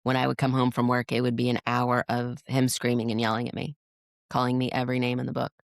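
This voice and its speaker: A woman's voice: extremely low pitch, monotone, quick pace, vocal fry, dry recording, clean studio sound. A woman guest on a podcast, telling her own story in an earnest, reflective way, with frequent restarts. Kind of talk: candid interview storytelling.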